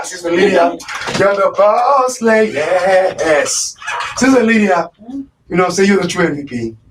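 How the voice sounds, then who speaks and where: A man's voice: sits high, animated, a little slow, recorded from a distance, background noise. A man hosting a live radio show in casual chat, rambling with lots of fillers and repeated words. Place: radio studio.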